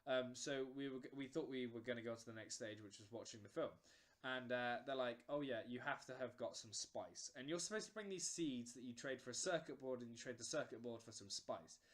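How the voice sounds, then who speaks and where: A man's voice: mid-range voice, fairly quick. Man, casual podcast chat, rambling, filler-heavy storyteller. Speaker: podcast host.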